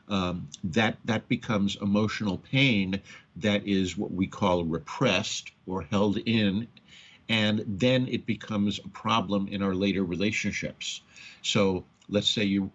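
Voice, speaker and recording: A man hosting a counseling radio talk, speaking haltingly with many repeated words and acting out quoted parents. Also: low-pitched. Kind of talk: radio talk on addiction and trauma. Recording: dull lo-fi radio audio.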